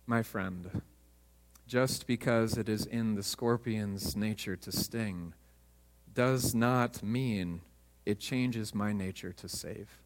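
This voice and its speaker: A man doing a calm, wise old man. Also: on the low side, pitched below the performer's own voice, low-quality recording. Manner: calm, quiet, slow.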